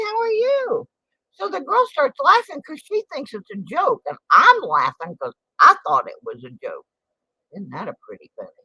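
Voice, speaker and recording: Older woman streamer, late 60s, lively swooping pitch, dry close sound, chatty and incredulous. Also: slightly rough, no room sound. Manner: indignant, exclaiming, drawn-out storytelling. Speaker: livestream host. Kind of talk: casual livestream chat. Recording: dull lo-fi stream audio.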